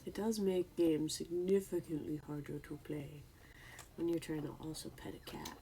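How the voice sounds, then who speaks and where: A woman's voice: deep voice, steady tone, normal speed, a little hiss or hum. Woman cooing at her cat on stream. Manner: coos at her pet cat in a sing-song baby voice; drops into soft whispers now and then. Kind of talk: casual live-stream chat. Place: home room while streaming.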